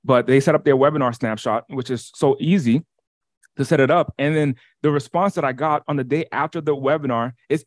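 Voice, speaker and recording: Energetic man teaching a webinar. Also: medium pitch, no echo, clean studio sound. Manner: energetic, repeats words, quick restarts. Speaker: workshop co-host. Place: lives in Las Vegas.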